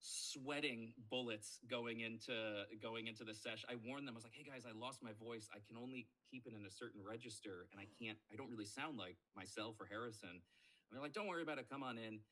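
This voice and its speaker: A man in his thirties, a voice actor guest on a podcast, telling stories in a casual, animated way and acting out what people said. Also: on the low side, a little fast. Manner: animated storyteller, acts out quoted voices. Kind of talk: casual podcast interview storytelling.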